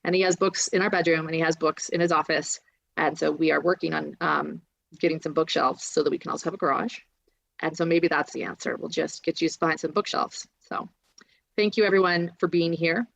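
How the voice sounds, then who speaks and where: A woman's voice: low-pitched, fairly even intonation, a little fast, gravelly, no echo. A woman hosting a livestream, chatting in a rambling way about home and upcoming shows. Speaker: livestream host. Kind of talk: casual livestream chat. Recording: dull lo-fi stream audio.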